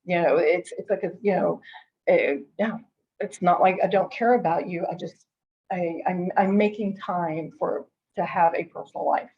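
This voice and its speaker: The audio is dull with slight background noise. A middle-aged woman with a lowish voice speaks at a moderate pace, leading a chatty real estate training where she keeps repeating and restarting and plays out her callers' lines.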